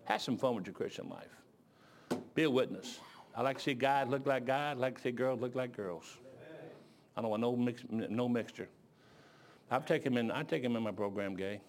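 A man preaching a sermon as pastor, telling folksy stories and swinging between low asides and loud exclaiming. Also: moderate pace, pauses often, slight background noise.

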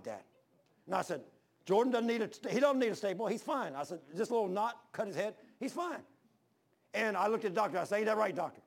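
Older preacher, storytelling sermon, raised voice with lots of fry, plays every character in his anecdotes. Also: sits high. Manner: animated, acts out the voices in his stories.

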